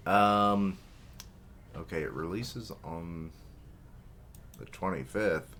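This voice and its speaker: A man's voice: deep voice, extremely slow, long pauses, fairly bright tone, a little hiss or hum. A man hosting a comic reaction, reading the chapter aloud and chatting about it in a casual, joking way that includes swearing. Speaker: manga reaction host.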